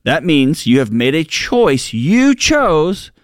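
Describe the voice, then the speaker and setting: A man's voice: a little high, very animated, takes it slowly, dry recording, clean studio sound. Earnest man giving advice. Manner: earnest, colloquial, uses y'all. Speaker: co-host of a money advice show. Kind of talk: casual radio advice talk.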